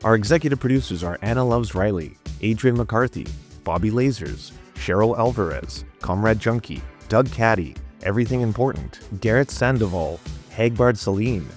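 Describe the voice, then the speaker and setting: A man closes a video, thanking supporters and reading a list of patron names in a steady manner. His voice is on the low side. Soft music plays underneath. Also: normal speed. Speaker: channel host. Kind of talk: outro and patron credits.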